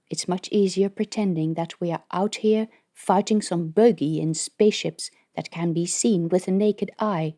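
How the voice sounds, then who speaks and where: A woman voicing a stern, secretive female military colonel in an audiobook, speaking in a measured, grave way. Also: fairly low pitch, warm tone, natural voice.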